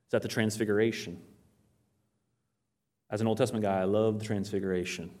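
A man's voice: on the low side, fairly quick. A man preaching a Bible teaching, who asks his listeners questions and answers them himself, and reads scripture aloud. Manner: animated storytelling, quotes scripture aloud. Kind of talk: sermon.

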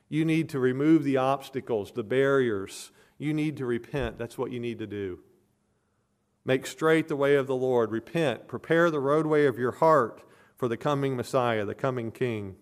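An earnest man delivers a sermon from the pulpit as a pastor, his voice sitting at an ordinary middle pitch. He drives each point home with emphatic repetition. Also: unhurried. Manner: earnest and emphatic, with repeated phrases. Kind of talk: expository sermon.

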